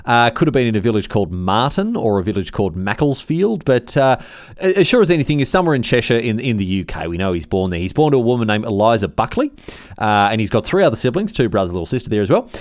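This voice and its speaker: A man's voice: medium pitch, very animated, fast, no echo, studio quality. An Australian man hosting a casual history podcast, telling the story in a rambling, slangy way. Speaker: podcast host.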